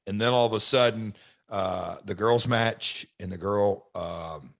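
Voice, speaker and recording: A middle-aged man with a fairly low voice hosts a podcast, recalling backstage life in a reflective, halting manner. He talks casually. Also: a bit bright. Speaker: podcast host and wrestler.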